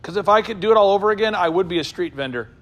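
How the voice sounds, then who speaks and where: A man hosting a business talk show, joking and firing quick questions at the people in the room. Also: sits high. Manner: animated, jokey, quick asides to the room. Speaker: business coach and show host. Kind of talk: lively talk to a live room.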